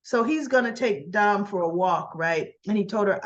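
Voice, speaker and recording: Woman recapping a soap ep, chatty, keeps clearing her throat, kinda dull lo-fi sound, mid pitch. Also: lively intonation, normal speed. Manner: chatty, acts out dialogue in quotes, frequent throat clearing. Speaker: soap opera recap host. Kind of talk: casual retelling of episode scenes.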